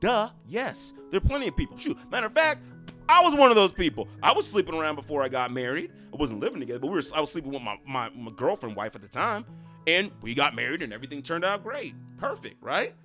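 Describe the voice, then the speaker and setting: A man's voice: on the high side, big pitch swings, fast, pushed and bright, soft background music. A man giving earnest, emphatic relationship advice straight to camera, repeating himself for stress. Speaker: relationship coach. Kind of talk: motivational talk to camera.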